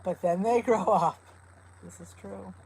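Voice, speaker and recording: A woman's voice: mid-range voice, unhurried, vocal fry, darkish tone, husky, rough recording. A middle-aged woman hosting a casual live stream chat from home, greeting her viewers by name in a chatty, cooing way. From New Jersey. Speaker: host of a live weight loss chat.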